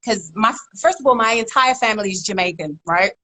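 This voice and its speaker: A woman in her forties from South London with a South London accent, a guest in a casual interview chat over a video call, telling stories in a lively way, laughing often and repeating words. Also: mid-range voice, brisk, low-quality recording. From South London, England. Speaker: interview guest, rap pioneer.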